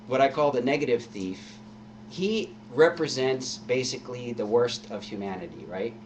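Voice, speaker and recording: A man's voice: medium pitch, recorded from a distance, slight background noise. A male pastor giving a conversational sermon full of rhetorical questions at a live-streamed church service.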